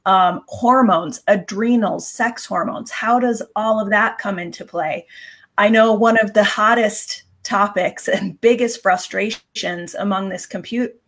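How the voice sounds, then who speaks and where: Woman host, mid-pitched voice, chatty and keen. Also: a little slow, fairly bright tone. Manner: enthusiastic, chatty, reads viewer questions. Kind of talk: casual live video Q&A.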